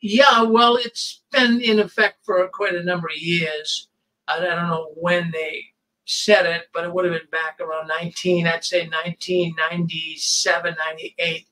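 A man's voice: fairly high pitch, flat delivery, moderate pace, bright, forceful tone, far from the mic, poor audio. A man hosting a call-in show, who talks to callers in a chatty, reassuring way.

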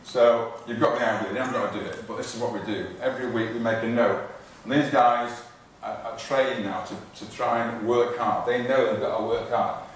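Recorded from a distance in a big, echoey hall, a male fitness trainer gives an informal live talk while exercising, running out of breath, repeating himself and restarting sentences. He speaks fairly quickly with few pauses, in a medium pitch and fairly even intonation, over a little hiss or hum.

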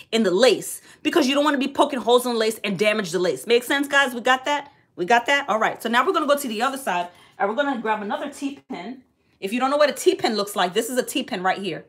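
A woman, chatting blunt and sassy on a livestream wig tutorial. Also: fairly high pitch. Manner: loud sing-song greetings to viewers, sassy and blunt. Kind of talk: casual livestream chat.

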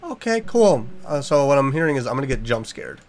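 Lively, jumpy man gaming. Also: mid-range voice, fairly quick, faint music behind. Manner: jumpy, reactive, talks to game characters, uses mild minced oaths. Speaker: gaming YouTuber. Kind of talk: let's play commentary.

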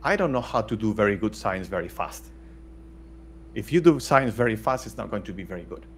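A man's voice: lowish voice, expressive, brisk, a little hiss or hum. A middle-aged man from Spain, talking bluntly as an interview guest with many restarts. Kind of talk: casual interview talk.

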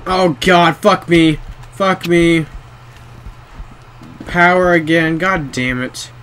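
A man's voice: on the high side, fairly even intonation, slow, a bit bright, a little hiss or hum. A young man playing a horror game, jumpy, swearing often and talking to himself. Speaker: gamer.

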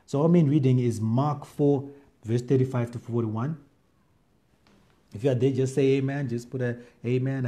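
A man preaching an online sermon during lockdown, excited and reading scripture with lively emphasis. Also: medium pitch, normal speed. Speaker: pastor.

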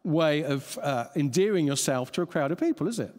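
A man's voice: on the high side, animated, moderate pace, darkish tone. A man preaching a sermon, chuckling often and restarting phrases as he thinks aloud. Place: church hall. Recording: long church reverb.

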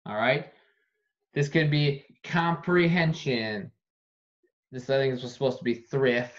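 Slow, deliberate male phonics teacher. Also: medium pitch. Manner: slow, repeats each word for dictation. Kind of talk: online phonics lesson. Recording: dull lo-fi recording.

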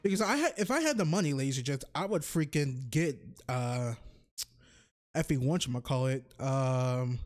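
A man streaming a video game live, chatting casually and ranting, his voice jumping high when exasperated. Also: lively intonation, moderate pace.

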